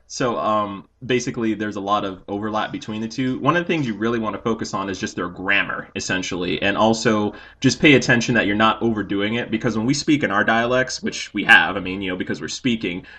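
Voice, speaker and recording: A young man talks casually as a podcast host, drifting from point to point with plenty of "like" and "um". His voice is on the low side but sounds bright and forward, and he laughs easily. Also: fast talker, hardly any pauses. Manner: rambling, filler-heavy, laughs often. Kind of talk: casual chat.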